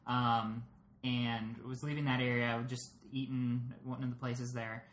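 A man from Phoenix chatting casually as a guest, telling a relaxed story and acting out quotes. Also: medium pitch, measured pace. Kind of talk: casual chat. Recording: roomy with faint noise.

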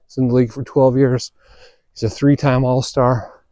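Male podcast host, mellow easygoing storyteller, dry close sound; hops into the characters' voices now and then. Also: medium pitch, normal speed, dry recording. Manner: relaxed, chatty storyteller who acts out quoted dialogue. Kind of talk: casual storytelling monologue.

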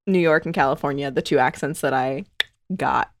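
A woman co-hosts a podcast in loose, joking chat, rambling through her tangents. Her voice sits a little low and the sound is dry and close. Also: moderate pace, dry recording. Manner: jokey, rambling, laughs often. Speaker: podcast co-host. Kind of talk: casual chat.

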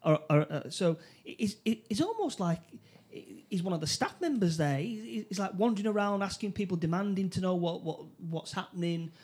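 A man recapping a film plot in casual chat, halting, with many restarts and fillers. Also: high-pitched, animated, a little mellow, slightly rough. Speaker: film review co-host.

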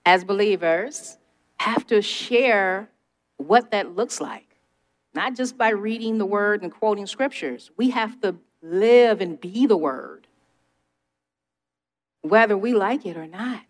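In a slow, mid-range voice, a middle-aged woman gives a conversational sermon. She is emphatic and testifying throughout, speaking directly to her audience.

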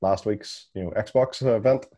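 A man's voice: lowish voice, a little slow, dark tone. A man hosting a gaming podcast, chatting casually and laughing easily. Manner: giggly, easygoing. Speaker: podcast host. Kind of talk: casual chat.

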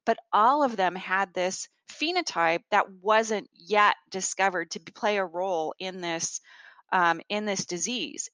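A woman's voice: medium pitch, no room sound. A woman guest in a conversational interview, telling stories earnestly with some fillers and restarts. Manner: earnest, animated storytelling with fillers. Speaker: guest, rare disease research leader.

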